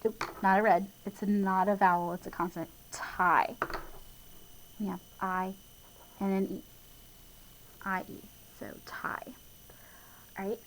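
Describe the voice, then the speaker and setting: A woman's voice: mid-range voice, level tone, normal speed, pauses often, a little hiss or hum, low-quality recording. A patient woman teacher walks young kids through their spelling words. She spells each word out letter by letter and stretches out the sounds. Now and then she laughs at her own slips. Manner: self-deprecating, chuckles at own slips.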